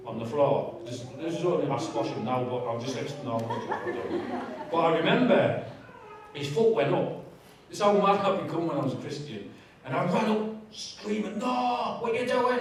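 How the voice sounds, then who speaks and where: A man sharing his testimony in a church, with animated, self-mocking storytelling and asides to the audience. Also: on the high side, a little fast, background noise. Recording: echoey church hall, distant mic.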